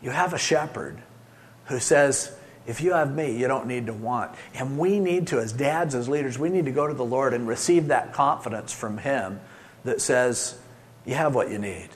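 A middle-aged man preaching a sermon, swinging between loud emphasis and soft, soothing asides. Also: medium pitch, moderate pace. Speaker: pastor.

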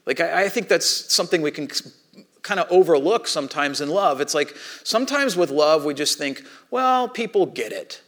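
A man in his thirties preaching a sermon, telling a family story with animated, acted-out voices. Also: fairly high pitch, brisk. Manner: animated storytelling, acts out his own panic and shouting. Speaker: pastor.

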